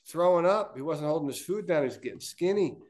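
A man who is a podcast guest, telling a story in a measured, casual way. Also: a little high, animated, darkish tone. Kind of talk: casual chat.

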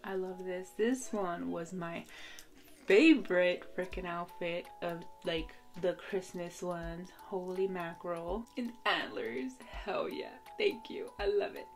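A young woman vlogging a casual unboxing, bubbly and giggly, gushing with excitement as she goes. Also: on the low side, slow, faint music behind. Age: young adult.

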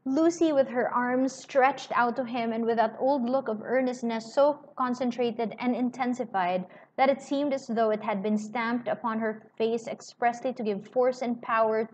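A woman reading a novel aloud and pausing to paraphrase it in casual asides. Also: on the high side, a little mellow. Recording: slightly muffled with faint hiss.

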